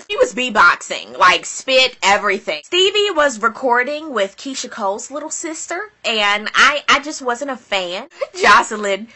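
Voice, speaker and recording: A woman's voice: high-pitched, lively intonation, moderate pace, hardly any pauses, sharp tone. A woman vlogger giving casual, sassy commentary, acting out quotes dramatically. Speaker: vlogger recapping a reality show.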